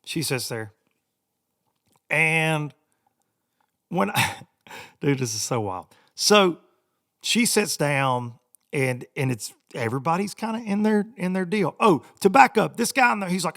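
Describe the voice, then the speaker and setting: A middle-aged man, hosting a podcast and telling a rambling story, laughing often and doing loud mocking voices. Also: a little high, expressive, measured pace, long pauses. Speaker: podcast host. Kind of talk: casual storytelling monologue.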